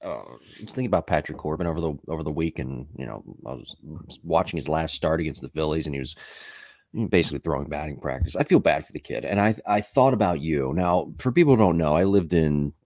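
A man's voice: extremely low pitch, animated, quick pace, a little mellow, no room sound, studio quality. A man hosting a podcast in casual chat, telling rambling stories with many fillers and asides. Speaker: podcast host.

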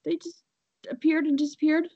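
Her voice sits high with a flat delivery, a moderate pace, and a warm tone, though the recording is muffled. She's a podcast co-host telling a story in casual, rambling chat full of fillers and laughs.

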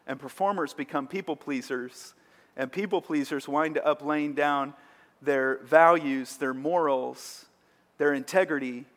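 Preaching as a pastor, this man is earnest and emphatic, his energy climbing in sudden bursts. His voice sits on the high side with a fairly bright tone, and the recording carries the long reverb of a hall.

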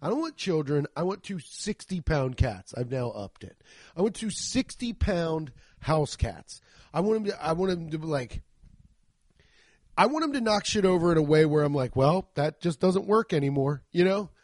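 A man's voice: a little high, big pitch swings, normal speed, darkish tone, no room sound, clean studio sound. Rambling, profane young man podcaster. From Cincinnati area, Ohio. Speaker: podcast host. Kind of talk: casual comedic podcast monologue.

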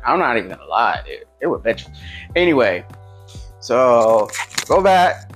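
A man telling a jail story in casual chat, swearing a lot and acting out other people's shouting in a high, loud voice. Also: a little slow, faint music behind. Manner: animated, acts out voices shouting at high pitch; heavy swearing, slangy.

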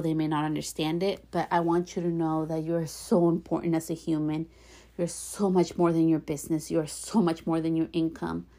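A woman in her thirties hosting a heartfelt solo podcast, talking gently and warmly with encouraging affirmations and a light giggle now and then. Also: on the low side. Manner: gentle affirmations, repeats herself for emphasis. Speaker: podcast host.

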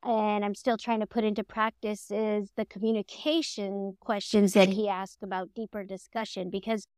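A middle-aged woman co-hosting a podcast in casual chat, animated and laughing often as she acts out quoted voices. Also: mid-range voice, normal speed, smooth, no room sound, studio quality. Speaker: podcast co-host.

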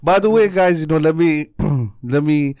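A man hosting a casual podcast chat, relaxed and teasing, laughing along with his guests. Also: on the high side, a little slow.

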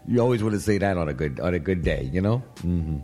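A man's voice: deep voice, animated, fast, dark tone. A man hosting a casual gossip chat in a studio, rambling, laughing often and repeating "you know what I mean". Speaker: show host. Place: studio with guests. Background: faint music.

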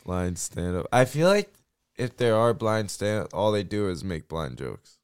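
A man's voice: on the low side, very animated, a little slow, smooth. A man co-hosting a podcast who jokes around in casual, teasing banter. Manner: laughs easily, teasing. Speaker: podcast co-host.

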